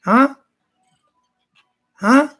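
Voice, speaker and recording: High-voiced guy ranting hard on a sports show, keeps repeating himself and insulting folks. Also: extremely slow, pushed and bright, faint music behind. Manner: repetitive, insulting, fired-up ranting. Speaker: sports talk show host. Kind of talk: heated casual sports rant.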